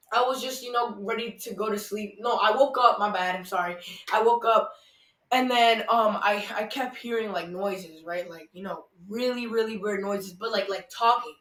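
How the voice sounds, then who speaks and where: A man's voice: sits high, measured pace, sharp tone. A man hosting a casual podcast, telling a story in a rambling way with lots of "like" and restarts. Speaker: podcast host. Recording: echoey room, far from the mic.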